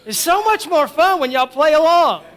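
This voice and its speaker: A man preaching in a church with a strikingly high, bright and ringing voice. He is fervent, rising to shouts and then dropping into a hushed storyteller's tone. He leads the congregation in call-and-response. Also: lively intonation, normal speed, a faint crowd. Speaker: pastor. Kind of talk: sermon. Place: church sanctuary.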